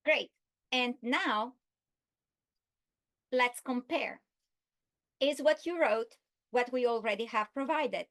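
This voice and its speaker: A woman giving an instructional video lesson, speaking slowly and deliberately and stretching out her example words. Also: a little high, a bit bright. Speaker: literacy instructor.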